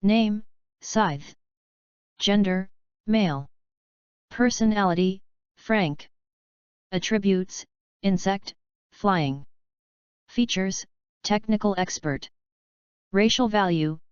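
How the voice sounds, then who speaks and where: A woman voicing a cold, game-like system that issues tasks and lists stats in a flat way. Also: mid-range voice, clean tone, no room sound, lightly acted. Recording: dull lo-fi dry recording.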